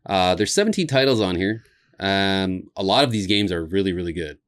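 Man, deep voice, gaming podcast co-host, casual chat, easygoing, pauses and fillers. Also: animated.

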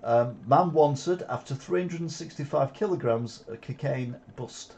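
The host, a Wigan man with a Lancashire accent, reads headlines on his alternative news show and riffs on them with sarcastic, filler-heavy asides. His voice is medium-pitched, a little slow and slightly mellow, with some vocal fry.

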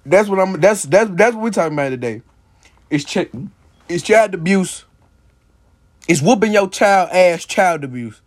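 A man's voice: high-pitched, animated, moderate pace, long pauses. A young man hosting his own podcast, ranting bluntly and profanely, with "bro" and "you feel me" after nearly every point. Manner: heated, insistent. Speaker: podcast host. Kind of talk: casual solo podcast rant.

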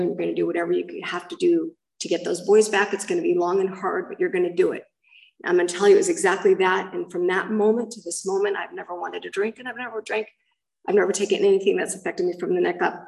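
A woman with a low, gravelly voice tells her recovery story in a candid, rambling way, often restarting her sentences. She sounds a little distant from the microphone. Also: a little mellow. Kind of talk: personal testimony.

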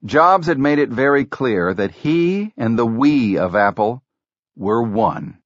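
A man narrating an audiobook in a measured, even storytelling delivery. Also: mid-range voice, dry recording, lo-fi sound. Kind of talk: scripted narration.

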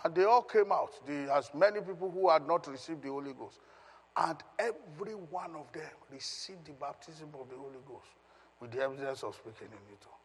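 A man's voice: fairly high pitch, a little fast, slightly rough. A male pastor giving an emphatic Bible teaching, questioning his congregation as he reads scripture. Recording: long reverb of a hall.

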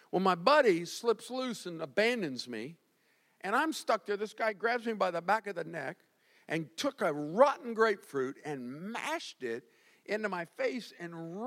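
Animated, high-voiced preaching man. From Florida, US. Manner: animated storytelling with self-deprecating humor. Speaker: pastor. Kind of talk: sermon.

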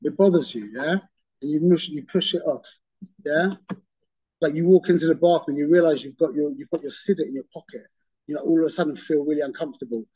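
A male teacher with a slightly raised, husky and mellow voice explains ideas to his class, repeating phrases and checking in with "okay?" as he goes. The recording sounds muffled and lo-fi. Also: a little high, quick pace. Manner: conversational, checks in with "okay?" and "yeah?". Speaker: Torah teacher.

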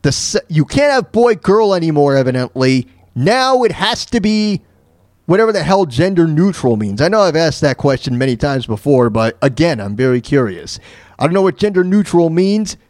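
Male host, ranting monologue, swooping lively delivery, dry close sound, keeps restarting sentences. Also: on the high side, moderate pace, dry recording. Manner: ranting, often stumbles and restarts mid-sentence. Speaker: talk show host. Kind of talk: opinionated monologue.

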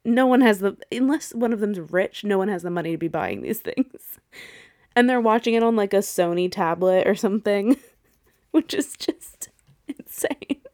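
A woman in her thirties chatting casually as a podcast co-host. She laughs often, swears freely and slips into little acted-out quotes while recapping. Her pitch sits in an ordinary middle range. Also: fairly quick, darkish tone, no room sound, studio quality. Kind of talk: casual movie rewatch chat.

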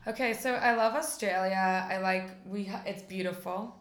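A woman in her forties from the United States with an American accent, a guest in a relaxed interview, chatting upbeat with many fillers. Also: medium pitch, moderate pace, roomy sound. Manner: chatty, upbeat, lots of fillers like "like" and "you know". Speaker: interview guest, rabbi's wife. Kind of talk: casual conversational interview.

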